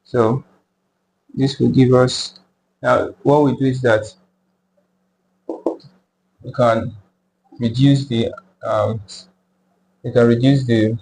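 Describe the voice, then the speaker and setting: A man slowly working through a math tutorial step by step, repeating each number aloud as he goes. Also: mid-range voice, creaky, darkish tone, slight background noise, low-quality recording. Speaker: math teacher.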